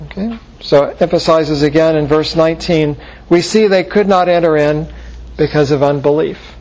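A man's voice: on the high side, fairly even intonation, normal speed, darkish tone. A man preaching an expository Bible lesson, explaining verses step by step and checking in with the listeners. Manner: explanatory, asks checking questions like "okay?" and "right?". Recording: dull lo-fi recording.

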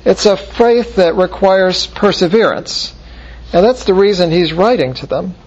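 A man's voice: high voice, expressive, measured pace, darkish tone. A man preaching an expository Bible lesson, explaining verses step by step and checking in with the listeners. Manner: explanatory, asks checking questions like "okay?" and "right?". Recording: dull lo-fi recording.

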